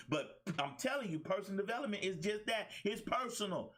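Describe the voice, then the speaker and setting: A man's voice: sits high, expressive, brisk, fairly bright tone. A middle-aged man hosting a talk show as a life coach, delivering a fired-up, preachy monologue with emphatic repetition and colloquial speech. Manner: preachy, emphatic, repeats phrases.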